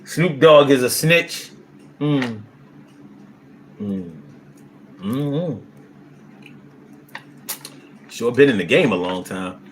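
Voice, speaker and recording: A man's voice: medium pitch, very slow, pauses often, slight background noise. A man hosting a live stream, reading viewers' comments aloud and answering them bluntly with lots of cursing. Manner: blunt, profane, swings into loud animated bursts. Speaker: livestream host reading chat. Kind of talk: casual live-stream chat.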